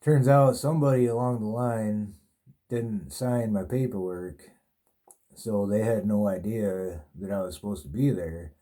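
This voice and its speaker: Dark-voiced man telling a rambling story. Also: on the low side, a little slow. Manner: rambling, heavy swearing. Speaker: podcast host. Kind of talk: casual storytelling.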